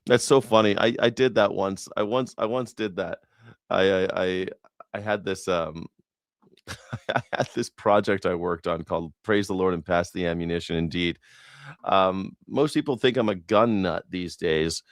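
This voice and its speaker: A lowish-voiced man from the States riffs through a casual news reaction talk, sarcastic and profane, often restarting his sentences. His voice sits fairly low and sounds close and dry, with no room around it. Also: normal speed, no room sound. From United States. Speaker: independent news and culture commentator.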